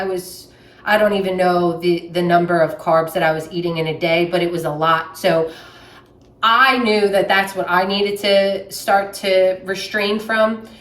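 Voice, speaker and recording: A woman's voice: medium pitch, a bit bright. A young woman with a Southern US accent, chatting plainly while she makes a sandwich in her kitchen. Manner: chatty, plainspoken, with many fillers. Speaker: vlogger. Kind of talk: casual chat while making a sandwich. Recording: echoey room, mic at a distance.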